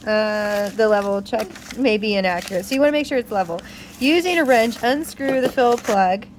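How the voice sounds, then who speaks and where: Chatty laughing woman with a higher voice. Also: slight background noise. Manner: chatty and animated, laughs often, exasperated asides. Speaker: DIY car repair vlogger. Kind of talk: casual how-to explanation, reading a repair manual aloud.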